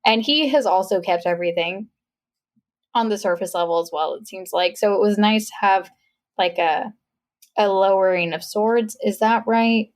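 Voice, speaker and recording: A woman co-hosting a podcast in casual, frank chat. She recaps a film with energy, swears freely and drops into quoted voices. Her pitch sits mid-range for a woman. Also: normal speed, no room sound. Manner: chatty, retelling with acted quotes; profane, frank. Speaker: podcast co-host. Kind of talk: casual chat about a movie.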